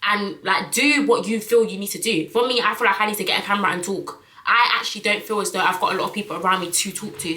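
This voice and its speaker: A woman's voice: mid-range voice, pushed and bright, roomy sound, low-quality recording. A young woman, chatting frankly to camera in a casual vlog, full of fillers. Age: young adult. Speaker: vlogger.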